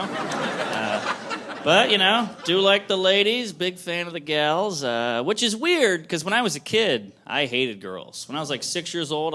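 A young man doing a casual stand-up comedy set, chuckling at his own jokes. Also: fairly high pitch. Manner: casual, self-amused, laughs at own jokes. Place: comedy club stage. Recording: live comedy club, audience laughter and noise. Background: audience laughter.

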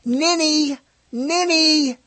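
A man putting on a shrill, nagging inner voice that yells at him. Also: extremely slow, heavily acted. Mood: scolding. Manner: shouting, scolding.

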